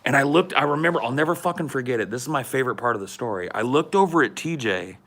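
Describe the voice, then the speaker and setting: A man in his thirties telling a wild story as a podcast co-host in casual chat, cursing freely and acting out the quotes loudly. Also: medium pitch, fast talker, hardly any pauses. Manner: animated, swearing, acts out quotes loudly.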